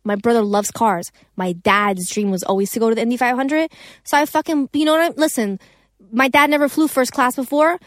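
A woman's voice: a little high, steady tone, a little fast, no room sound, clean studio sound. A young woman singer talking casually in an interview, rambling and profane with many restarts. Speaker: singer and songwriter.

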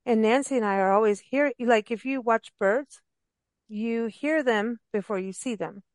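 A woman hosting a radio interview, talking in an enthusiastic, rambling, chatty way with quick laughs. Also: on the high side, dry recording. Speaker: radio show host. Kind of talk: casual interview chat. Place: travel and parks radio show.

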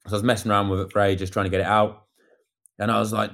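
A man casually telling a lively story about a bike race, acting out what people said. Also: on the low side, rapid-fire, creaky. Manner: animated storyteller acting out quotes. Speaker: amateur cyclist recounting a race. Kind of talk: casual chat.

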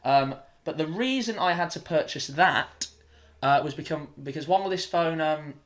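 A young man co-hosting a casual chat, chatty and quick to react with exclamations. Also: on the high side. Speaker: podcast co-host.

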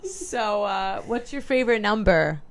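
A woman co-hosting a relaxed podcast conversation. She sounds upbeat, asks playful questions and laughs easily. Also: mid-range voice, unhurried, vocal fry, crowd noise. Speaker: podcast co-host. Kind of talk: casual chat.

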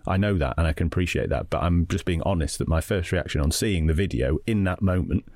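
A man in his thirties, a football journalist chatting on a podcast in a quick, self-interrupting way. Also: low-pitched, a little mellow, dry recording, studio quality. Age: 30s. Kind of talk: casual podcast debate.

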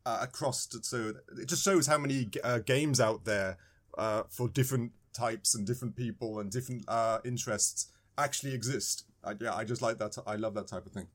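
A man's voice: medium pitch, fairly quick. A British man co-hosting a gaming podcast, chatting casually and repeating himself, tagging on "right?". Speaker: podcast co-host. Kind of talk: casual chat.

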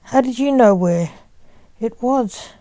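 A woman's voice: a little high, animated, slow pace, warm tone, no room sound, pitched above the performer's own voice. Woman reading a stern fatherly man. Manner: stern, dismissive. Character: fatherly stern man, sword-wielding enchanter.

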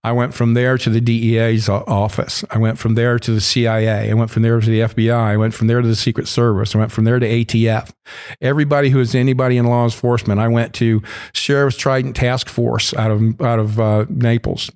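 A man guest in an interview, telling a rambling story full of swearing, now and then acting out other people's shouts. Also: level tone, a little fast, smooth. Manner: acts out other people's shouting in sudden high bursts. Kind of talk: casual storytelling.

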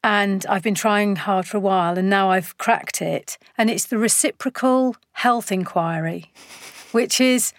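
A middle-aged woman chatting casually as a guest, animated and laughing, acting out quoted lines. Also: mid-range voice, unhurried, dry recording, clean studio sound. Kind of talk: casual chat.

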